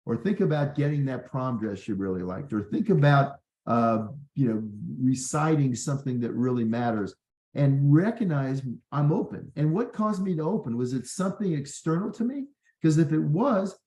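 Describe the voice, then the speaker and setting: Earnest guy doctor giving a workshop talk, warm mellow voice, roomy sound. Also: on the high side, lively intonation, normal speed. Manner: earnest, conversational, many fillers. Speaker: physician and leadership workshop host.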